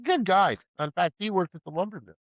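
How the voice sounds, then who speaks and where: Profane, animated male storyteller. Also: sits high, fairly quick, dry recording, muffled recording. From Pacific Northwest of the US. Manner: profane, animated, laughs often, acts out quoted voices. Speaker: podcast host telling a story. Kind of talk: casual storytelling.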